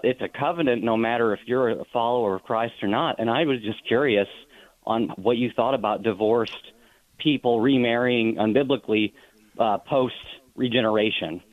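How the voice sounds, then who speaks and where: A man phones in to a radio talk show, and his voice comes through a thin, tinny phone line. He sounds earnest and asks his question with care, with a mid-range pitch and a dry sound. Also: no echo. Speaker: caller. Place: in a car.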